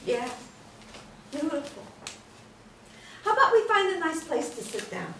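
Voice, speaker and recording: A calm, affectionate older woman who speaks gently and fondly, as a woman acts her out. Her voice is high and lively in pitch. The sound is echoey and distant. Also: measured pace, slight background noise, exaggerated voice. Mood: warm. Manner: gentle, fond. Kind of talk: screenplay read-through. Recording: echoey room from far off.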